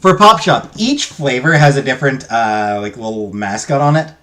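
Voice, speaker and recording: A man's voice: mid-range voice, expressive, normal speed, fairly bright tone. A man hosting a let's play, giving casual commentary with rambling, jokey asides and fillers.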